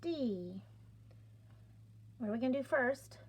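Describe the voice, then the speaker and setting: A middle-aged woman teaching a phonics lesson, sounding out letters and stretching words clearly in an encouraging classroom manner. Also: fairly high pitch, takes it slowly. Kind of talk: slow, deliberate classroom instruction.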